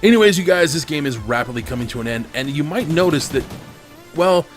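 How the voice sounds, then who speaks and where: A man's voice: on the high side, animated, brisk, faint music behind. A man venting with lots of swearing while commenting over his gameplay. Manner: profane, venting, angry. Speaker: gaming commentator.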